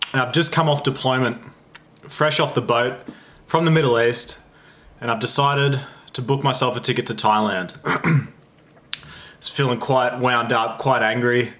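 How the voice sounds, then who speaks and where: A young Australian man and holistic lifestyle coach telling a story to camera in a chatty, animated way, often restarting his sentences. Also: medium pitch. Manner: animated, self-interrupting, chatty.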